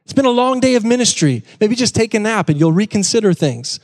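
A man putting on a cocky, high-voiced apostle. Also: sing-song, brisk. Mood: boastful. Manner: brash, pleading, talking over objections. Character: boastful overconfident male apostle, brash and cocky.

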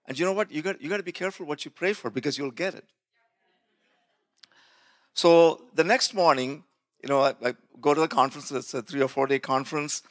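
A pastor with a medium-pitched, fairly bright voice gives a sermon built around his own testimony. He acts out what others told him, laughing as he goes, and keeps restarting his words.

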